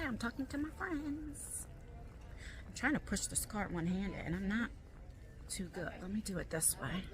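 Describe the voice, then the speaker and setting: A woman's voice: medium pitch, noisy background. Chatty rambling woman vlogging on her phone. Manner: rambling, chatty, jumps between topics. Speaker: YouTuber. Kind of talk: casual vlog chat while shopping.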